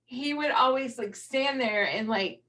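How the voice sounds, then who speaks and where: A woman's voice: high-pitched, a little slow, bright, forceful tone, recorded from a distance, low-quality recording. A woman hosting a casual live video chat, rambling and swearing freely as she talks. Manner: chatty, rambling, swears freely, laughs often. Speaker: host.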